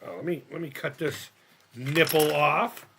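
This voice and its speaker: While building a model kit on a casual live stream, a man with a fairly high, sharp-toned voice talks at a measured pace, thinking aloud in a rambling way, cursing frequently and chuckling at himself. There's a little hiss or hum in the recording.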